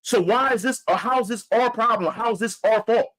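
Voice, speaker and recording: A man's voice: very high-pitched, fairly quick, a bit bright, low-quality recording. A man from Philadelphia telling a story in a heated, profane, repetitive rant. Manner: heated, profane, repeats himself. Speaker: vlogger.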